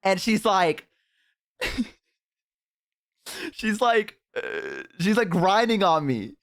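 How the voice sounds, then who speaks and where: A man's voice: high-pitched, sing-song, slow pace. Profane laughing streamer man. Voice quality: profane, laughs hard and loud. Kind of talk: casual storytelling to chat. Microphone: headset.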